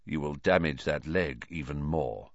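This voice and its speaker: Guy doing a low hoarse menacing gaunt guy, quiet and rusty, dull recording. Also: a little slow, no echo, full character voice. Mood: quiet menace. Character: gaunt hoarse escaped prisoner man, menacing.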